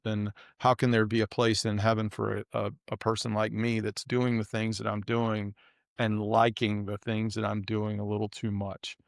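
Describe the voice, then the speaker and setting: A middle-aged man from the American South with a low, gravelly voice, speaking earnestly and reflectively as a podcast guest. He keeps a flat, steady tone and often restarts his sentences. The recording is dry and close. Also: no room sound. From Southern United States. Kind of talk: storytelling in a podcast interview.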